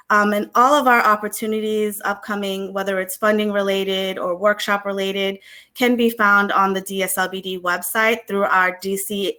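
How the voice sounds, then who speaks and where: A woman from a city small business agency, answering on an online panel quickly with many filler ums. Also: mid-range voice, pushed and bright. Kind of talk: panel answer on a virtual summit.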